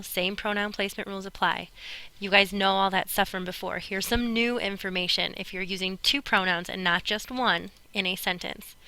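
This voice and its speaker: A woman's voice: medium pitch, creaky, sharp tone, low-quality recording. A woman teaching a recorded Spanish grammar lesson, chatty and upbeat, speaking straight to her students. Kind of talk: recorded classroom lesson narration.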